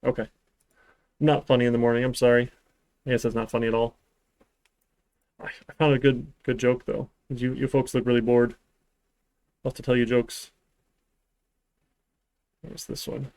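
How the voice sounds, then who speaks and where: A man's voice: medium pitch, little pitch movement, moderate pace, gravelly, pauses often, darkish tone, no room sound. A man teaching a programming class in a live-streamed lecture, talking in a rambling way with dry, sarcastic asides. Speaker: programming instructor.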